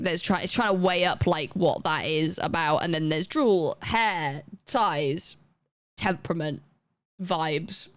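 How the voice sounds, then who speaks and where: A young woman chatting casually on a live gaming stream, rambling and self-deprecating with quick asides. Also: on the low side, dry recording. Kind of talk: casual chat while gaming.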